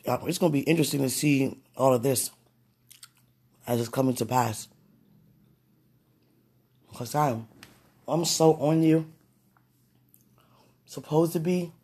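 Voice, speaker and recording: A vlogger speaking an emotional, pleading prayer to the camera, swinging between quiet murmurs and excited bursts. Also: medium pitch, takes it slowly, pauses often, husky. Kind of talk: casual spoken prayer to camera.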